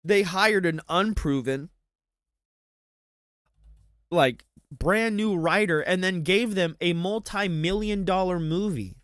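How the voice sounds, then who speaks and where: A man's voice: high-pitched, slow pace, pauses often, fairly bright tone, smooth, no room sound, clean studio sound. A man ranting about movies on a casual commentary stream, swearing freely. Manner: profane, ranting.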